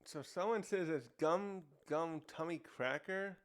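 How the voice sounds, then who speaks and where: A man's voice: on the high side, unhurried. A man casually reviewing a comic chapter, rambling with many restarts and fillers. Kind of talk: casual commentary.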